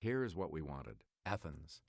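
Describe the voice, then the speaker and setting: A man hosting a quiz show, reading clues in a measured, crisp way and calling on the player to choose again. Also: rumbling low, big pitch swings, soft background music.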